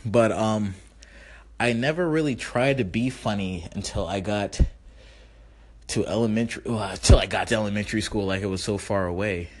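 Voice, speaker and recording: Slightly tipsy after a few drinks, a podcast host goes on a rambling, self-mocking solo monologue laced with profanity. His voice is a bit high and comical, and he speaks at a moderate pace with a somewhat mellow quality.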